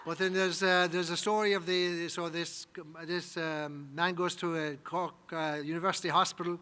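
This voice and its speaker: Chuckling Irish priest telling jokes. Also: male voice, on the high side, flat delivery, normal speed, sharp tone, slight background noise. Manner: chuckles at his own punchlines. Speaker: priest comedian. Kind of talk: stand-up joke telling. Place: live comedy night in a private home.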